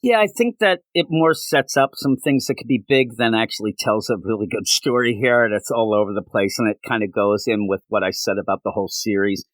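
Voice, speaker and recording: A man co-hosting a casual comic book review chat, animated and quick to act out characters in little bits. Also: on the low side, dry recording.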